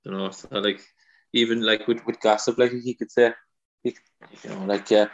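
Creaky and fairly low-pitched, this Irishman's voice stays steady at a normal speed, though the audio is dull. He's a comedian from Kerry, chatting loosely as a guest in a casual interview, with frequent restarts and "you know."

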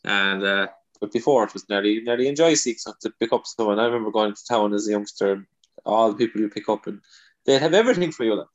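A man's voice: fairly low pitch, animated, quick pace, dull audio. A man with a Kerry accent, a comedian chatting loosely as an interview guest, trailing into restarts and "you know". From Ireland. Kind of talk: casual interview chat.

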